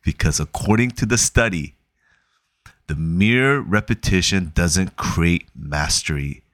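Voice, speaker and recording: A man's voice: low voice, a bit bright, dry recording, studio quality. A man talking casually on his own podcast, telling a story with conversational asides and short chuckles. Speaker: podcast host. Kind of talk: casual solo podcast monologue.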